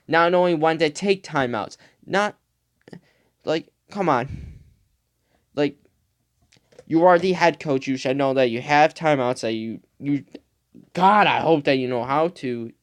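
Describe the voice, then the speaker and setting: A man's voice: on the high side, fairly bright tone, smooth, no echo, clean studio sound. A man hosting a podcast, ranting casually and heatedly about football, profane and rambling. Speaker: podcast host.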